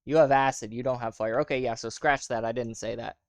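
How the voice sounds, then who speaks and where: A man's voice: mid-range voice, little pitch movement, brisk, clean tone, no room sound, studio quality. A man running a tabletop game as game master, talking casually and rambling with fillers.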